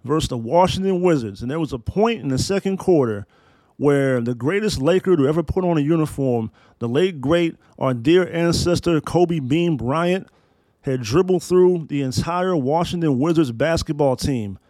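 A man's voice: fairly high pitch, normal speed, dark tone, dry recording. A man in his thirties hosting a solo podcast, talking in emphatic, profane, preacher-like build-ups. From Maryland, US. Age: 30s. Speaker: podcast host.

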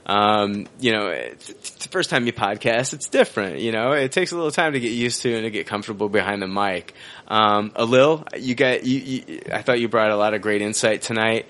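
Male podcast host, relaxed and jokey, laughing between lines. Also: on the low side, fairly quick. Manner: joking, laughs often. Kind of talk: casual chat and sign-off.

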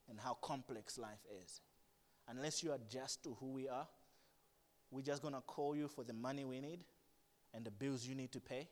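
A man preaching a sermon, animated, swinging from hushed asides to loud emphatic bursts. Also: on the high side. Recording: long reverb of a large hall.

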